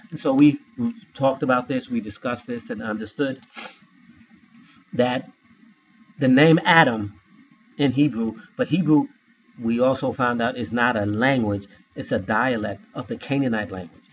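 A man's voice: medium pitch, moderate pace, dull audio, slight background noise. Man teaching scripture, rhetorical questions. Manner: asks rhetorical questions, spells out words. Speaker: Bible teacher.

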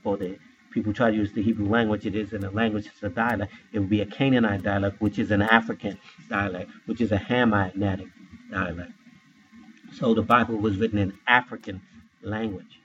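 A man's voice: on the low side, steady tone, normal speed, fairly bright tone. Man, scripture teacher, spells words out, asks questions; muffled, slightly noisy recording. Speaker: Bible teacher.

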